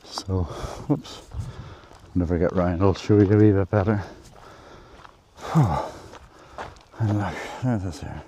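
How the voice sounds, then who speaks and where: A man's voice: deep voice, slow pace, pauses often, noisy background. A man vlogging casually while walking uphill through a forest, rambling with lots of fillers and a bit out of breath. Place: outdoors in a forest on a hill.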